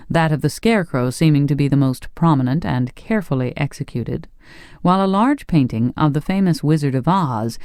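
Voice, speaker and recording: Measured, dry audiobook narration. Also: medium pitch, mellow, smooth, dry recording. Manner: measured storytelling. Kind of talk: scripted narration.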